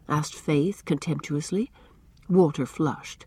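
A woman narrating a chapter of a novel in an expressive storytelling manner. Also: low voice, unhurried, slightly rough, dry recording. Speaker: audiobook narrator. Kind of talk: scripted narration.

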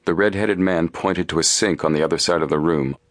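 A man narrating a storybook in a steady, measured way. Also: deep voice, no echo, clean studio sound. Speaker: audiobook narrator. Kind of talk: scripted narration.

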